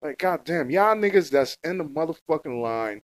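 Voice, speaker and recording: A man's voice: on the high side, animated, moderate pace, no echo. A young man in a casual, heated rant, full of slang and swearing, repeating himself as he goes. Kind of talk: casual profane rant to camera.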